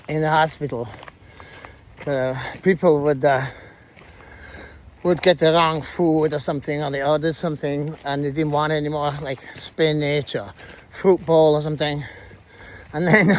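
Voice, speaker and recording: Animated, foul-mouthed man telling a story. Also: on the high side, slight background noise. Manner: swears freely, animated, slangy. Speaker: vlogger telling his own story. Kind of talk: casual storytelling.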